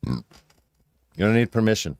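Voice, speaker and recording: A man's voice: lowish voice, big pitch swings, normal speed, a little mellow, dry recording. A man reacting to a clip in casual commentary, profane, sarcastic and combative.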